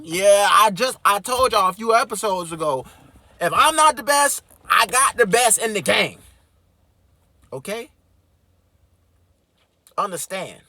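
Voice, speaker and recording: Host, male, somewhat high voice, reads a book then riffs with slang and cursing; dry close sound. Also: unhurried, pauses often, no echo. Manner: animated, slangy, swears freely. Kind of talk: reading a book aloud with commentary.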